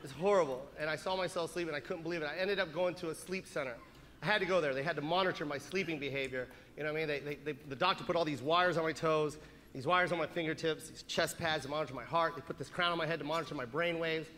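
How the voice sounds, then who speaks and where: A male comedian telling a profane story in stand-up, animated, acting out the scenes. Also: fairly high pitch, quick pace, a little hiss or hum.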